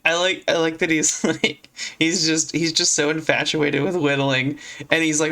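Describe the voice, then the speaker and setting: A podcast co-host in casual chat, laughing often and tossing in quick asides. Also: mid-range voice, fairly even intonation, pushed and bright.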